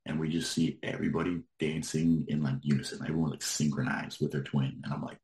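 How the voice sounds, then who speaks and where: A man with an extremely low, deep voice, chatting casually and rambling through a story with lots of filler words. He sounds like he's in a roomy, echoey space. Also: little pitch movement, brisk, darkish tone. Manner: rambling, lots of likes, laughs while telling. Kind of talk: casual chat.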